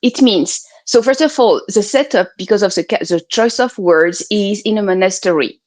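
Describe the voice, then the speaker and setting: A woman from France with a French accent, a guest chatting casually on a video-call talk show, animated and laughing often. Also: mid-range voice, normal speed, dry recording. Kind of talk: casual interview chat.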